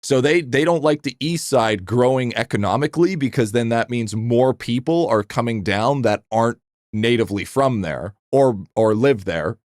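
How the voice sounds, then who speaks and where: Male game streamer, casual and profane, middling pitch, dead-dry room sound. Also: normal speed, dry recording. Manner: rambling, profane, excitable. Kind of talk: casual live-stream chat.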